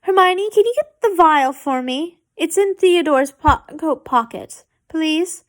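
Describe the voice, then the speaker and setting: Woman doing a whiny selfish young witch, high pitched, bossy. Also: lively intonation, unhurried. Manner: whiny, demanding. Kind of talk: amateur fan fiction reading.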